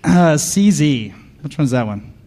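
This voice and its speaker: A man's voice: fairly high pitch, sing-song, unhurried, dark tone. A man speaking on a conference panel, delivering a comedic live talk with sarcastic, mock-paranoid riffs and questions thrown at the audience. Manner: sarcastic, riffing, asks the crowd questions.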